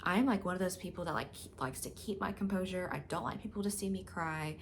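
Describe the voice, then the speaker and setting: A woman's voice: lowish voice, fast, a little hiss or hum. A woman vlogger telling a personal story to camera in a candid, frank, emotional way, with plenty of filler words.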